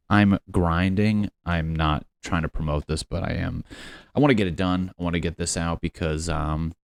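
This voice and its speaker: A man's voice: low voice, steady tone, measured pace, gravelly, clean tone, no room sound. A young man hosting a solo comedy podcast from his apartment, rambling and profane, slipping into silly quote voices. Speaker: podcast host. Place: his apartment on a lunch break.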